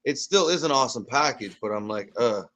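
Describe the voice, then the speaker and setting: A man's voice: mid-range voice, lively intonation, fairly quick, fairly bright tone. A man hosting a casual live reaction chat, easygoing and asking the others questions. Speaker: watch party host.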